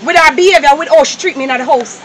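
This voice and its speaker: A woman's voice: high-pitched, fast talker, slight background noise, natural voice, poor audio. A woman with a Jamaican accent playing a stern mother who scolds and lectures her daughter. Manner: firm, scolding, then coaxing.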